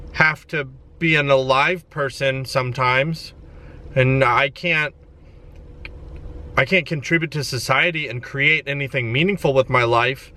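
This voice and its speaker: Sitting in a van, a young man in his twenties riffs on himself for a comic vlog, punctuated by sudden theatrical wails. He speaks in a mid-range voice that sounds pushed and bright.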